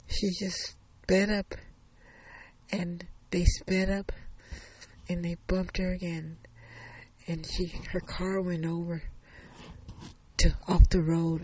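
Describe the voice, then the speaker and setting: A man retelling a thriller story in a casual, halting way, often repeating phrases and restarting. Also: fairly high pitch, a little mellow, husky.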